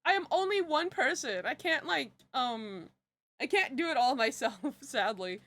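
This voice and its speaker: A woman's voice: high voice, expressive, unhurried, a bit bright. A young woman answering questions on a casual live stream, rambling and giggly with many fillers and restarts. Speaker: streamer and project creator.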